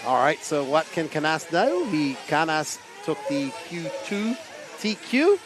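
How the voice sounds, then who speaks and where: A man co-commentating a race live, briskly reading out the start lists. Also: a little high, big pitch swings, music in the background. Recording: clear background noise.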